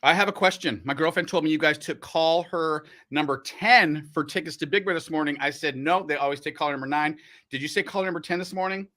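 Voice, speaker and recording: A man with a fairly high voice talks fast as he hosts a laid-back livestream from a radio studio. Animated and full of jokes, he eats while he speaks.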